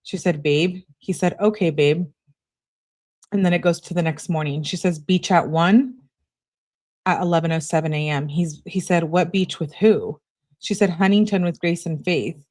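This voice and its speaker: A woman's voice: lowish voice, moderate pace, darkish tone. A woman hosting a true crime channel, reading text messages aloud in a casual, conversational way and adding her own comments.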